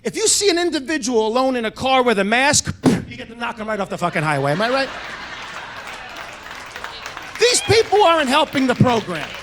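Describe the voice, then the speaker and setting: Brash high-voiced stand-up comic man. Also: sing-song, fast, a crowd in the background, noisy background. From United States. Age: middle-aged. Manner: brash, profane storytelling, shouting punchlines. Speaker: stand-up comedian. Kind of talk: stand-up comedy set. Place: comedy club stage.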